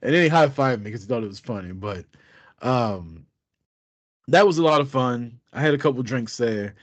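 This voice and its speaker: A man's voice: mid-range voice, moderate pace, no echo. A man in his thirties, co-host of a podcast, telling a story casually with lots of laughter and swearing. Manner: profane, laughing, animated storytelling.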